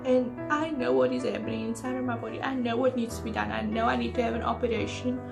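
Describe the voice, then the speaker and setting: Creaky-voiced young woman, hesitant confession. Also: fairly high pitch, steady tone, fast talker, music in the background. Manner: hesitant, earnest confessional talk. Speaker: vlogger. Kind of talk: personal storytime vlog.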